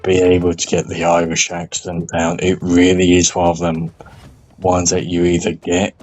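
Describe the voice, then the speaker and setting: A man's voice: sits low, monotone, moderate pace, a little mellow, lo-fi sound, soft background music. A man chatting casually during a game, hesitant, often restarting his sentences. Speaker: gamer on voice chat. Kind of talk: casual chat while gaming.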